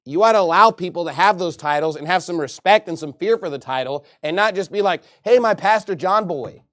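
A man's voice: a little high, fast talker, fairly bright tone, no room sound. Fiery male pastor with a raised voice, mocking quoted people, preaching, dry close sound. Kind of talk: sermon.

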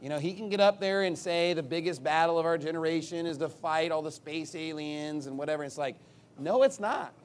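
Forceful combative male preacher, fairly high voice. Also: brisk, a little hiss or hum. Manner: emphatic, combative, sarcastic asides; big swings in pitch and loudness. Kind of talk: sermon.

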